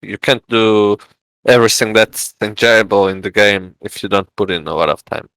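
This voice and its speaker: A man with a Portuguese accent, a podcast guest telling a story in casual chat, halting with many fillers. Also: lowish voice, fairly bright tone, clean tone, dry recording, low-quality recording. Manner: halting, many "uh" fillers, acts out quoted voices.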